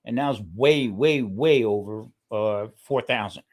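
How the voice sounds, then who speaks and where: A man on a casual podcast chat, talking in halting restarts and checking in with "okay?" as he goes. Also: medium pitch. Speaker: guest keto cooking channel creator.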